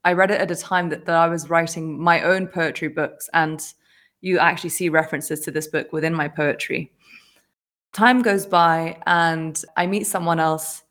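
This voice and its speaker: Podcast host lady spinning a funny story, kinda low voice, laughs between lines. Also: moderate pace. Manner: animated storyteller, laughs often, acts out quotes. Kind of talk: casual storytelling conversation.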